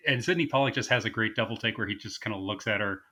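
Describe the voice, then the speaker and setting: A man co-hosting a podcast in casual chat, animated and quick to act out movie lines in put-on voices. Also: lowish voice, breathy edge. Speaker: podcast co-host.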